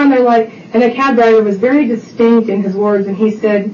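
A woman's voice: a little high, steady tone, quick pace, few pauses, darkish tone, slight background noise. A middle-aged woman giving a chatty personal testimony at a recovery meeting, full of fillers and acted-out family quotes. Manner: chatty storytelling with many fillers. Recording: roomy distant dull recording.

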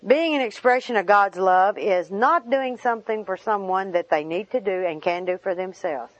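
A woman's voice: medium pitch, moderate pace, no room sound. A woman giving a personal testimony talk to a group, folksy and wry with self-deprecating humor. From Arkansas. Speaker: speaker sharing her story with a group. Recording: dull lo-fi recording.

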